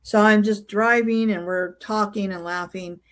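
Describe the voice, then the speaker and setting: Older woman, interview guest, casual storytelling, halting, many fillers and restarts. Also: medium pitch, fairly even intonation, fairly bright tone. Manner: halting, full of fillers and restarts while recounting. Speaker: interview guest, UFO investigator.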